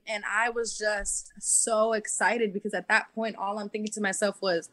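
A woman guest on an interview, telling her story in an animated way and acting out what she and others said. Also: mid-range voice, normal speed, hardly any pauses, dry recording. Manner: animated storyteller who acts out what people said. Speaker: reality show contestant guest. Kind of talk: casual interview chat.

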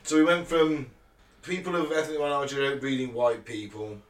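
A man's voice: medium pitch, lively intonation, normal speed. A man co-hosting a podcast, bantering casually and mocking, laughing often. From England. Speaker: podcast co-host. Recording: roomy, distant mic, faint noise.

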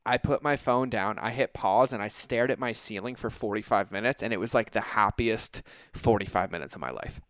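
Smooth-voiced thoughtful male podcast host. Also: fairly low pitch, a little fast, fairly bright tone, no room sound. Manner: thoughtful and heartfelt, reflective. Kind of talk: casual podcast conversation.

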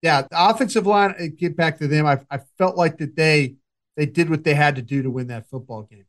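A man chatting casually about football on a podcast, his voice sitting a little higher than most. He rambles and restarts often, circling back to his points. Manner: rambling, halting, many restarts and fillers. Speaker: podcast co-host, football analyst. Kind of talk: casual sports talk.

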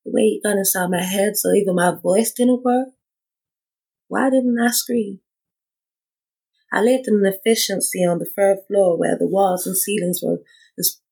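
Gravelly-voiced woman reading a memoir. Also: lowish voice, rough recording. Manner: measured, deliberate reading with quoted dialogue. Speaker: narrator reading her own story. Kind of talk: first-person memoir reading.

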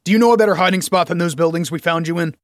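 A man's voice: on the high side, racing, dry recording, clean studio sound, pitched above the performer's own voice, close to an everyday voice. A man reading the lines of a young army corporal who gives urgent commands. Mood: commanding.

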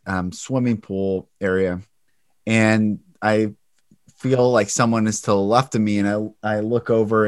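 A man's voice: fairly low pitch, no room sound. Earnest male host, dry close sound. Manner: earnest, storytelling. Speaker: podcast host. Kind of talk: conversational interview, storytelling.

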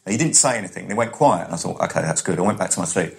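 A man's voice: low-pitched, rapid-fire, creaky. Storytelling man. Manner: animated storyteller, acts out other people's voices. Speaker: comedian guest. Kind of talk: casual chat, telling stories.

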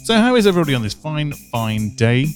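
A man's voice: a little high, big pitch swings, fast, soft background music. A man hosting a casual podcast chat, joking and laughing often. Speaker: podcast host.

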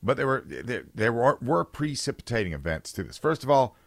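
A man's voice: mid-range voice, big pitch swings, a little fast, gravelly, no room sound, clean studio sound. A man hosting a political talk radio show, giving opinions in a conversational way and reading listener texts aloud.

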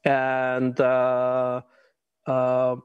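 A man's voice: mid-range voice, completely flat delivery, very slow, clean tone, no echo, phone-quality sound. A middle-aged man from Iran, a guest chatting casually and laughing often, with wry asides. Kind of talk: casual interview conversation.

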